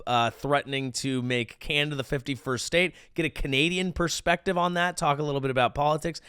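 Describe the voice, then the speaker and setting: A man's voice: mid-range voice, sharp tone, clear, resonant tone, no echo, clean studio sound. A young adult man hosting his comedy podcast in casual, upbeat chat with jokey asides.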